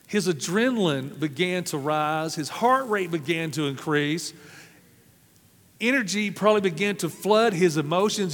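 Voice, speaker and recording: A pastor from Arkansas, preaching a sermon with folksy, humorous storytelling. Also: male voice, on the high side. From South Arkansas, USA. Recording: long hall reverb.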